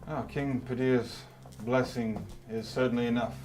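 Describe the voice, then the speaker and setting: A formal old elf lord who speaks with slow, careful courtesy, as a man puts him on. His pitch sits in the middle, and clear music plays behind him throughout. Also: fairly even intonation, lightly acted. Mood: courteous. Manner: formal, measured speech.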